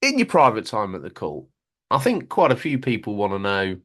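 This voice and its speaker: Man, low voice, animated, playful gaming podcast host. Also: brisk. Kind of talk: casual gaming podcast chat.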